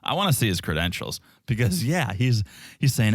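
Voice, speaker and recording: A man's voice: mid-range voice, sing-song, normal speed, slightly rough, no echo, clean studio sound. A man co-hosting a podcast, recapping reality TV in casual, wisecracking chat. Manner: wisecracking, skeptical. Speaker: podcast co-host.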